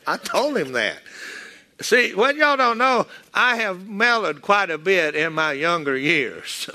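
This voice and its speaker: Bright high-voiced Texan preacher. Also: male voice, very animated, slow pace, pauses often. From Texas. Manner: folksy storytelling with acted-out quotes. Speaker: pastor. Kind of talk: sermon.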